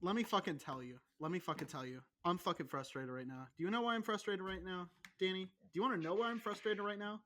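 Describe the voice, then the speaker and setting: Bright, high-voiced young man ranting. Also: fast, few pauses. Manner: profane, rambling, excitable. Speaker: podcast host. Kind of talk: casual podcast banter.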